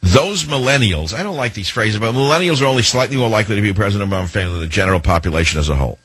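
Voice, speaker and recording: A male talk radio host telling a rambling, indignant story in a husky voice. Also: lowish voice, animated, racing, fairly bright tone, no echo.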